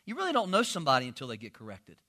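A man preaching a sermon as pastor, telling a story with animated delivery and acting out members of his congregation. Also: fairly high pitch, very fast.

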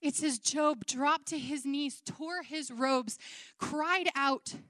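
A woman's voice: high-pitched, slow pace, a bit bright, dry recording, studio quality. A woman preaching a sermon in an earnest, conversational way, acting out quoted feelings.

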